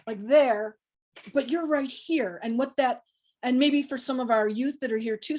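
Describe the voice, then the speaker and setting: A woman with a fairly high voice moderates a workshop panel. She guides the talk and hands the floor to each panelist in turn. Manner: guiding, hands questions to panelists.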